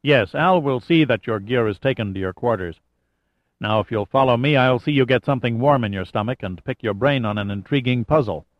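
Speaking at medium pitch and a fairly quick pace, a man reads an audiobook part, lightly acting as a calm expedition leader giving briefings and directions without fuss. His tone is level and matter-of-fact. The audio is dry, a little muffled, with no echo.

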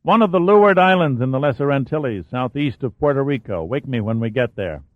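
A man's voice: medium pitch, expressive, brisk, no echo, lightly acted. A man reading an audiobook, voicing a cold, contemptuous male hired killer. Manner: contemptuous and sneering. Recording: dry, phone-like narrow sound.

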